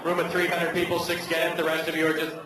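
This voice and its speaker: Rambling stand-up MC, echoey hall. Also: male voice, on the high side, quick pace, over a noisy crowd. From Canada. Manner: rambling, self-mocking, lively asides. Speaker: comedian and MC. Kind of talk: live stand-up comedy. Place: large hotel ballroom with a live audience. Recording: echoey hall, far from the mic, audience noise.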